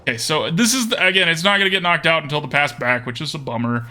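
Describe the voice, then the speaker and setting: A man's voice: on the high side, fast talker, pushed and bright, soft background music. A young man from Texas giving playful, jokey live-streamed commentary on a card game as a streamer, now and then bursting into cheers.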